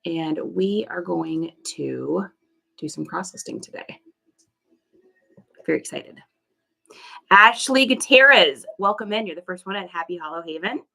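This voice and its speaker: Bright-voiced chatty woman livestreaming. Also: fairly low pitch, animated, unhurried, gravelly, long pauses. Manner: chatty, laughs often, greets viewers by name. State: allergies, puffy eyes. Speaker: reseller livestream host. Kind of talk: casual livestream chat with viewers.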